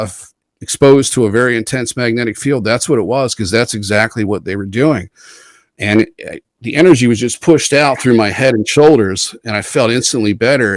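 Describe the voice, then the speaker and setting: A man's voice: medium pitch, dry recording. A man as an interview guest, telling a long first-person story in a rambling, earnest way, often restarting and quoting others. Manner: rambling and earnest, with frequent restarts and quoted dialogue.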